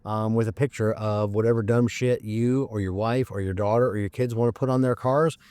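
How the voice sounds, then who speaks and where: A man's voice: lowish voice, steady tone, fairly quick, a little mellow, clean tone. A middle-aged man who works as a mechanic, hosting a podcast in a casual monologue and ranting bluntly with lots of swearing.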